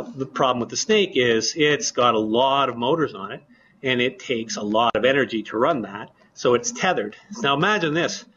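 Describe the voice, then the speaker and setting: A man explaining his research in a lab during an interview, relaxed, with lots of fillers. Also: mid-range voice, highs cut off.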